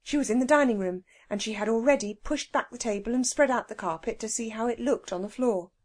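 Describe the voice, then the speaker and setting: A woman narrating a children's audiobook with an expressive, animated reading. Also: on the high side, fairly quick.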